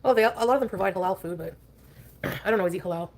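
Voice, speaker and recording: A woman's voice: mid-range voice, rapid-fire. Rambling, chatty woman livestreamer. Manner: scattered, chatty, drifting between topics.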